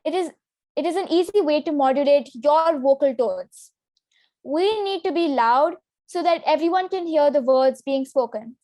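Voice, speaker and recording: A young woman presenting a public speaking lesson in a clear, instructive way. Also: high-pitched, expressive, moderate pace, warm tone, no room sound, clean studio sound. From Singapore. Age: teenager. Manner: clear, instructive delivery with demonstration sentences. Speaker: student workshop presenter.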